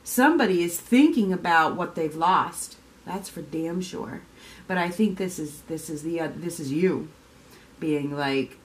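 Doing a casual tarot reading, a woman speaks unhurriedly in an expressive, lowish voice. She's chatty and says things more than once, at times acting out the reactions she talks about.

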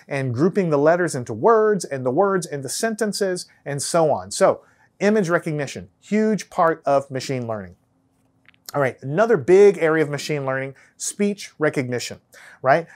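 A man with a Texan American accent teaching a lesson in a casual, conversational way, often checking in with "right?" and restarting his phrases. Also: on the high side. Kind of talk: casual whiteboard lecture.

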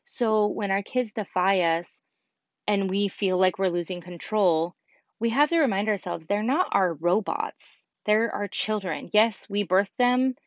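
A woman's voice: mid-range voice, measured pace, dry recording. A woman in her thirties hosting a casual solo podcast, talking candidly with lots of fillers. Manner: candid, chatty, many fillers. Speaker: podcast host. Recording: dull lo-fi podcast mic.

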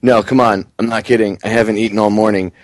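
A man's voice: lowish voice, fairly even intonation, fast talker, no room sound, close to an everyday voice. A man voicing an entitled older city mayor who gets pushy and indignant, swearing at a waiter.

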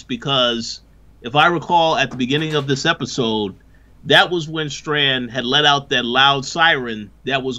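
A man's voice: medium pitch, sharp tone, muffled recording. A man co-hosting a podcast in casual review chat, analytical and critical as he builds his points step by step. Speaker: podcast co-host.

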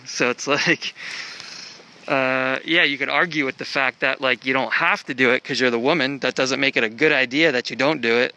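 Man, travel vlogger, rambling casual talk, bright voice, outdoor park, faint background noise. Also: medium pitch. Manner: rambling, thinking aloud while walking. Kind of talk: casual walking vlog.

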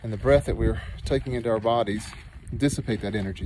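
A man's voice: on the low side, noisy background. Earnest man telling a trail story outdoors. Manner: earnest, animated storytelling that turns soft and slow when guiding meditation. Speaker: nurse and meditation teacher. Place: outdoors in a dry canyon.

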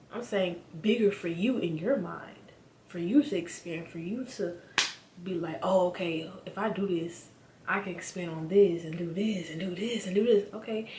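A woman giving a casual, animated motivational talk straight to her viewers as a spiritual vlogger, repeating her points for emphasis. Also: medium pitch. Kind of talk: casual motivational rant to camera. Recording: echoey room with faint background hum.

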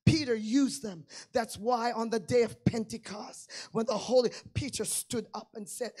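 A woman preaching a sermon with fervor, going from quiet asides to shouted climaxes. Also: on the high side, fairly even intonation, normal speed, few pauses, slightly rough.

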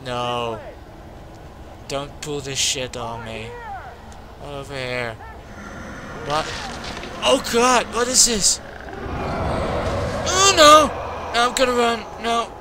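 A young man frantically commenting on a horror game he is playing, swearing and yelling at what happens on screen. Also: fairly high pitch, lively intonation, slow pace, pauses often, noisy background. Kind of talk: frantic let's-play commentary. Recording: game music loud behind the voice.

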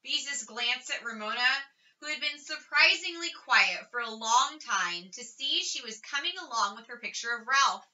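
A woman reading a children's chapter book aloud with lively, expressive storytelling. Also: a little high, normal speed. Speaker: audiobook reader. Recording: slightly distant, dull lo-fi recording.

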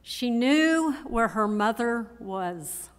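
A woman in her sixties gives a memorial eulogy for her mother in a church, speaking in an emotional, measured way with repeated phrases. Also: a little high, lively intonation. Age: 60s. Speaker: daughter giving a eulogy. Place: church sanctuary. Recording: long church hall reverb.

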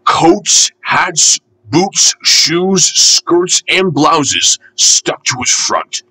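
Man for children's storybook reading, slow and lively, bright breathy tone. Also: fairly high pitch, rough recording. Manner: gentle, unhurried and expressive.

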